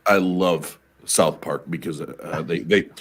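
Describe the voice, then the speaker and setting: A man's voice: deep voice, fairly even intonation, slow, fairly bright tone. A man in a casual podcast chat who stammers and repeats himself as he talks.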